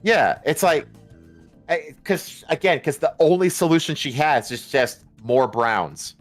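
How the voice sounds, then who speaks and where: A man's voice: a little high, measured pace, soft background music. A man guest on a casual podcast, talking in rambling, repetitive runs and speaking bluntly. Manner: rambling, repeats himself, blunt.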